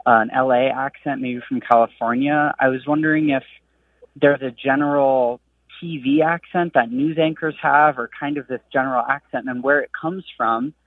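A man's voice: mid-range voice, fairly even intonation, moderate pace, no echo. A man from Arizona with a southern Arizona accent, calling a radio show and asking a question thoughtfully, with some hesitation. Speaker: caller. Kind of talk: call-in question. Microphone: telephone. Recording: tinny distant phone line.

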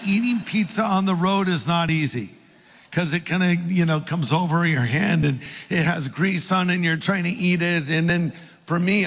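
An older pastor preaching a sermon with folksy, self-deprecating stories. His voice sits somewhat high for a man. A long hall reverb trails every phrase. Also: fairly bright tone. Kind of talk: sermon with storytelling.

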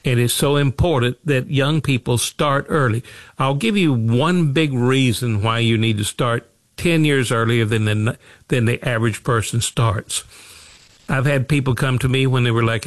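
A man's voice: mid-range voice, normal speed, no room sound. A man hosting a financial talk show, speaking in a folksy way, repeating phrases and asking himself rhetorical questions. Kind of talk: radio talk show monologue.

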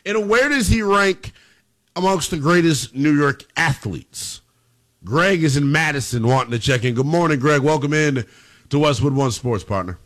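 A man's voice: fairly high pitch, animated, normal speed, fairly bright tone. A man hosting a call-in sports radio show, chummy with callers and calling them brother and pal.

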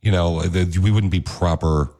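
A man's voice: low voice, fairly even intonation, normal speed, dark tone. A man hosting a radio show in a studio, bantering casually and teasing his co-host. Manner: teasing, joking.

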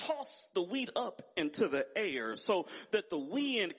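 A male pastor preaches a sermon in a husky, slightly breathy voice that sits high for a man. His sing-song delivery is unhurried with few pauses, swinging widely in pitch and growing more emphatic and intense as he repeats his phrases.

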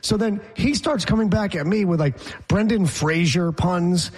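Husky-voiced man ranting sarcastically. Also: high voice, moderate pace, a little mellow. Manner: sarcastic, mocking rants. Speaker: podcast co-host. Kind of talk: casual chat.

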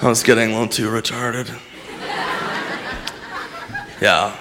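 A man doing a stand-up routine with a laid-back, deadpan delivery. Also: mid-range voice, a little slow. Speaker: stand-up comedian. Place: comedy stage with a laughing audience. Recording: live room with crowd and noise.

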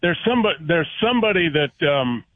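A man's voice: a little high, big pitch swings, a little fast, no room sound, narrow, tinny audio. A man joining the show with good-natured, chuckling ribbing. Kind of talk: casual on-air banter.

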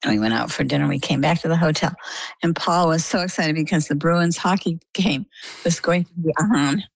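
A woman's voice: sits low, a little fast, creaky, no echo, poor audio. A middle-aged woman telling a personal story as an interview guest, chatty and vivid, acting out the dialogue she quotes.

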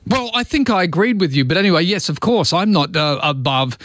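A middle-aged Australian man hosts an overnight radio show, chatting and joking with callers in a self-mocking way during late-night talk. His high-pitched, slightly bright voice is animated and a little fast. He speaks into a studio microphone.

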